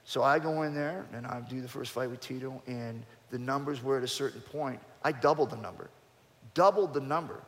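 A middle-pitched man in his fifties tells a story from his fighting days. He talks animatedly and restarts his sentences often. His voice carries a long hall reverb. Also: brisk, few pauses. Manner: animated storyteller, frequent restarts, jumps up in pitch and loudness when excited. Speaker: interview guest, former fighter. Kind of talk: storytelling in a conversational interview.

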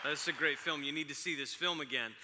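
A man's voice: a little high, fast, pushed and bright, a faint crowd. A man in his forties preaching a sermon, telling chatty, self-deprecating stories about his family. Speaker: pastor. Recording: long reverb of a large hall.

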